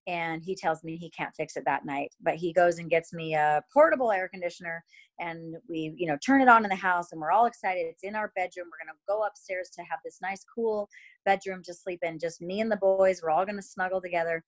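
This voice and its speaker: A woman's voice: fairly low pitch, fairly quick, low-quality recording. A woman in her thirties telling a personal faith story about motherhood in a candid, chatty way, full of fillers and emotional asides.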